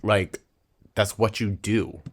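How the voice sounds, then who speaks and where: A man's voice: fairly low pitch, level tone, slow pace. A man hosting a reaction video, mocking and swearing in a sarcastic, casual way. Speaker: reaction channel host.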